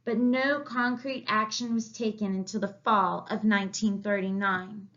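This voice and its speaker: A woman teaching a history lesson, speaking slowly and deliberately in a recorded lecture. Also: mid-range voice, fairly even intonation, a bit bright. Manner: slow and deliberate, with quoted asides. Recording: dull lo-fi recording.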